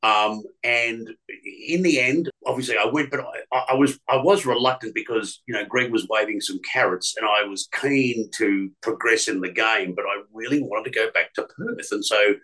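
A man's voice: on the low side, moderate pace, few pauses, pushed and bright, poor audio. A middle-aged man, a radio presenter, telling stories from his career in a rambling way, with many restarts and fillers. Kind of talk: casual storytelling interview.

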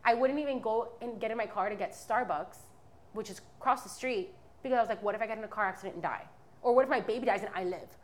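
A woman's voice: a little high, fast. A woman in her twenties giving a candid, rambling personal testimony as a podcast guest. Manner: candid, rambling, many fillers and restarts.

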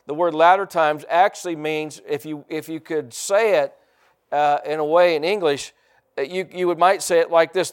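Emphatic pastor, slightly high voice. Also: male voice, clean tone. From United States. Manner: emphatic, call-and-response preaching with repeated phrases; slows down to stress key words. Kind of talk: sermon.

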